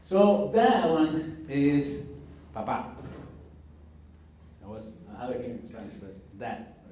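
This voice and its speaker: A man leads a teacher training session in a classroom, speaking casually and haltingly, with plenty of fillers and restarts. His voice is mellow and sits at a medium pitch. It is picked up from well across a very echoey room, with faint background noise. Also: very animated, distant mic.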